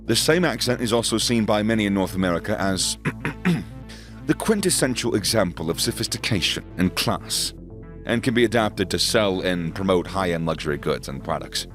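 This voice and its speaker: Low-voiced male narrator for an explainer, chatty and easygoing, soft music bed. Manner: conversational, with small asides and chuckles. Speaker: narrator of an educational video.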